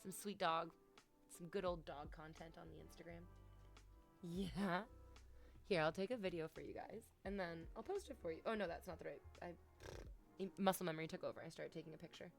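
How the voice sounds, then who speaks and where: A woman's voice: fairly low pitch, moderate pace, gravelly, faint music behind. Teasing, crude-talking woman streamer. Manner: playful, teasing and crude, talking straight to chat. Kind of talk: casual live-stream chat. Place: home, talking to viewers with her dog nearby. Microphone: desk microphone, off camera.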